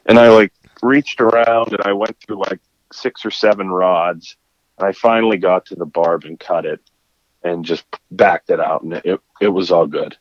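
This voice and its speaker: A man's voice: low-pitched, normal speed, no room sound, dull audio. A man who runs fishing charters tells a story in casual conversation and acts out the quotes. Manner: animated storyteller acting out quotes. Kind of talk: casual storytelling in a podcast chat.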